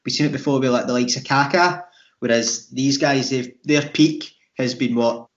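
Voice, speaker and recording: A man's voice: mid-range voice, steady tone, normal speed. A Scottish man co-hosting a podcast, chatting in a rambling way with many restarts. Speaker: podcast co-host. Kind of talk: casual chat. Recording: dull lo-fi sound.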